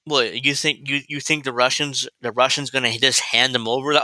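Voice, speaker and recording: A man's voice: mid-range voice, fairly even intonation, a little fast, few pauses, bright, forceful tone, no echo, poor audio. A man hosting a political commentary livestream, talking in a blunt, profane, rambling way and laughing at his own points. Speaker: commentary show host.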